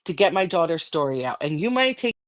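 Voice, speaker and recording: A woman's voice: lowish voice, big pitch swings, a little fast. A middle-aged woman on a livestream, ranting angrily and defiantly with constant swearing. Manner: angry, defiant, profane. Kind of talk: heated livestream rant.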